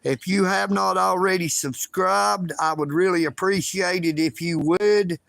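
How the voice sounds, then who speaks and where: A man rambling loudly and emphatically on a livestream from his bedroom. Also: high-pitched, a little slow, vocal fry, dry recording. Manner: loud, emphatic, self-promoting.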